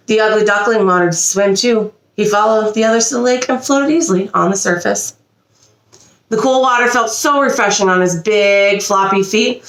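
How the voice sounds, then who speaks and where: Expressive woman reading a storybook aloud. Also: medium pitch, normal speed, roomy sound. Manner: expressive, animated reading with small slips. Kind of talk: reading a picture book aloud. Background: a child nearby.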